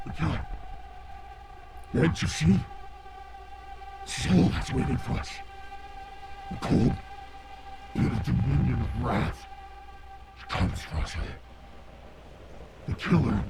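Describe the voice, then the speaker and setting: A man voicing a frantic young man convinced he is in hell, ranting and shouting. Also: mid-range voice, gravelly, full character voice. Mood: ominous. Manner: shouting, wild-eyed ranting.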